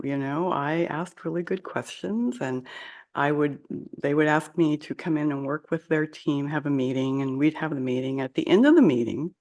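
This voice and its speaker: An older woman, a leadership coach, telling her career story in a measured conversational way. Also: deep voice. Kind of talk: conversational interview.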